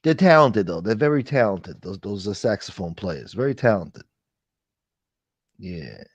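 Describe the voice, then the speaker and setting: A man's voice: lowish voice, big pitch swings, measured pace, breathy edge, no echo. A man hosting a casual late-night livestream chat, rambling and swearing as he reads and answers viewer comments. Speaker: livestream host.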